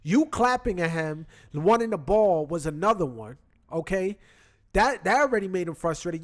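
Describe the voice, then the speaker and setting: A man with a fairly high voice hosts a casual sports chat. He tells the story in an animated, slangy way, talking into his computer mic. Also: moderate pace.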